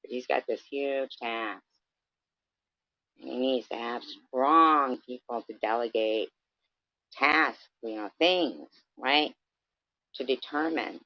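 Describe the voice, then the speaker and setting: A woman's voice: extremely low pitch, slow pace, long pauses, dry recording, muffled recording. A woman delivering a confrontational, profane rant straight at someone on her livestream, sometimes mocking them. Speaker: vlogger.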